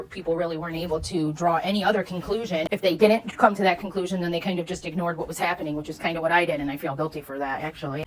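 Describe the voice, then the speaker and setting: A woman hosting a commentary video, talking in a measured, reflective way and often qualifying her views. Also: lowish voice, rough recording. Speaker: commentary channel host.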